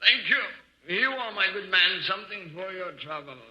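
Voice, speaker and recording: A man's voice: high voice, animated, fairly quick, sharp tone, full character voice. A man playing a pompous fake English nobleman with a put-on posh English accent, in 1940s radio comedy. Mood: mock-posh. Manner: clipped, mock-posh, wisecracking. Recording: dull noisy 1940s radio transcription, roomy.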